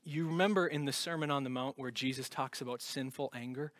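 A pastor preaching a sermon with earnest conviction, moving from loud emphasis to hushed, intense passages. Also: male voice, medium pitch, fairly quick, dry recording, studio quality.

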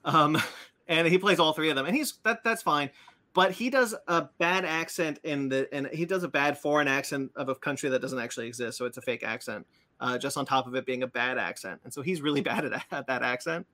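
A man's voice: fairly high pitch, fairly quick, bright, forceful tone. A man hosting a casual podcast chat, rambling with many fillers and restarts. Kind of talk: casual chat about comics and cartoons.

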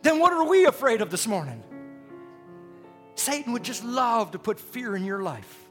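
A male preacher delivering a sermon, shouting in a rising, fervent preaching cadence. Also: extremely high pitch, sing-song, moderate pace. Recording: hall reverb with faint music.

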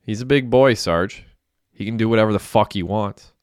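A cold, manipulative young man with a dismissive edge, as the male narrator voices him. His voice is low and smooth, heard in a dry close audiobook recording. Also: moderate pace, no room sound, close to an everyday voice.

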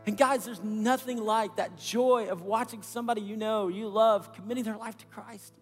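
Middle-aged male pastor, earnest storyteller, fairly high voice, long hall reverb. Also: fairly even intonation, normal speed, hardly any pauses, soft background music. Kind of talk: sermon.

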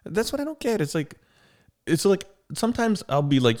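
A man's voice: a little high, fairly quick. A man telling driving stories in casual chat, acting out rants at other drivers. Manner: animated storytelling, acts out rants at other drivers.

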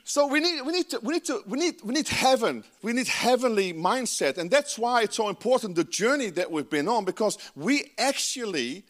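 Preaching with a Dutch accent, this Netherlands pastor speaks at a normal speed with few pauses, in a lively and emphatic style. His pitch runs high for a man, jumping up and down as he makes each point, and he speaks straight to the congregation with occasional asides.

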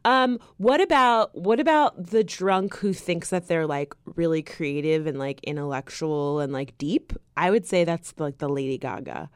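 A woman co-hosting a podcast in casual chat, animated and quick to mimic people in loud, squealy voices. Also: low-pitched, clear, resonant tone, no room sound, studio quality. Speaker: podcast co-host.

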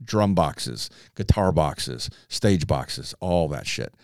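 A man's voice: rumbling low, animated, takes it slowly, gravelly, darkish tone. A man co-hosting a podcast, telling a story in casual chat, loose and profane with lots of fillers. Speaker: podcast co-host.

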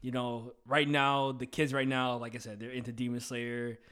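A man's voice: mid-range voice, level tone, moderate pace, a bit bright, clean tone. A young adult man hosting a casual podcast chat, laid-back and full of "like" and "you know". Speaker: podcast host.

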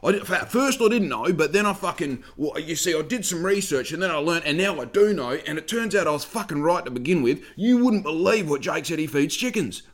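Aussie guy doing a high whiny smug know-it-all voice, mocking. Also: animated, fairly quick, few pauses. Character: smug male know-it-all, self-righteous.

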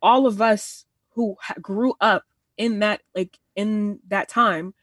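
A woman's voice: medium pitch, steady tone, takes it slowly, a bit bright, dry recording, studio quality, far from the mic. A woman around twenty in a casual discussion, earnest and rambling, restarting her sentences and slipping into quoted asides. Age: 20s. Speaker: panelist.

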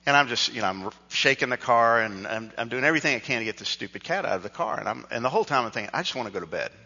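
Bright-voiced pastor, echoing hall. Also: male voice, medium pitch, lively intonation, rapid-fire. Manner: conversational storytelling, self-deprecating. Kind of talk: sermon with personal story. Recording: dull sound with long hall reverb.

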